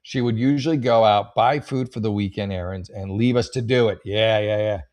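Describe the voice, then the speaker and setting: A man's voice: lowish voice, moderate pace, darkish tone. A man hosting a comedy show, reading letters aloud and riffing with rambling, wry asides. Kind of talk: casual comedic commentary.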